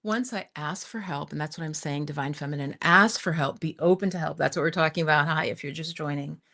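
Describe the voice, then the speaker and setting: A middle-aged woman hosting a livestream, telling a personal story in a chatty, animated way with frequent laughs. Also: low voice, brisk. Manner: chatty and animated, often laughing and saying "you guys". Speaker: spiritual teacher hosting a livestream. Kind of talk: live-streamed personal storytelling.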